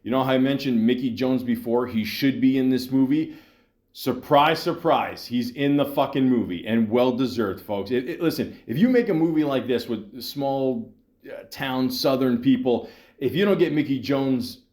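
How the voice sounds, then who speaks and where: A man's voice: medium pitch, normal speed, a little mellow. A man hosting a podcast alone, rambling casually with many fillers and restarts. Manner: breaks into voice impressions of movie lines. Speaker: podcast host. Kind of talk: casual solo movie talk.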